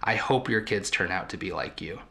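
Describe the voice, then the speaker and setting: A man's voice: low voice, moderate pace, vocal fry, sharp tone, heavily acted. A man reading out the words of a tearful, steely woman in the audience, firm and earnest.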